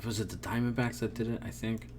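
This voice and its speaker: A podcast co-host with a fairly low, steady, slightly mellow voice talks at a quick pace in a casual baseball chat. He rambles, trails off, and laughs often.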